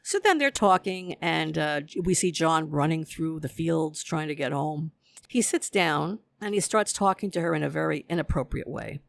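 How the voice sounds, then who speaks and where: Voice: medium pitch, expressive, normal speed, gravelly, dry recording. A host giving a casual episode recap, retelling scenes and acting out the characters' lines.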